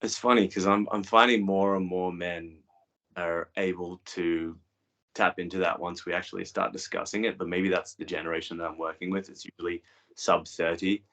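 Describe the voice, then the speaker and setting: A man who works as a men's coach, answering interview questions in a measured, thoughtful way. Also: sits low, flat delivery, a bit bright. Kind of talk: interview guest.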